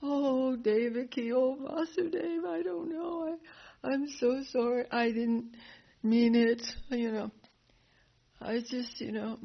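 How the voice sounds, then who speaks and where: A woman telling the tale puts on a tyrant king of legend who blusters and then whines, his voice rising high and wavering. The delivery stays slow. The recording sounds a little dull and lo-fi. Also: big pitch swings, exaggerated voice. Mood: whiny apologetic.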